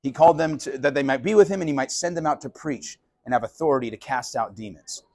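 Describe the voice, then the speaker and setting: A man preaching a conversational sermon as a pastor, animated and casual, sometimes acting out voices of the people he talks about. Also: medium pitch, fast. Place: live sermon at a college venue.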